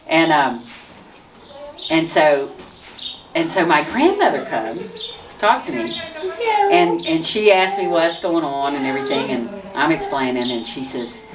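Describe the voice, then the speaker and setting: A woman telling her personal testimony in a lively way, often laughing and restarting her sentences. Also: deep voice, a little slow, a loud crowd. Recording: distant mic with noise.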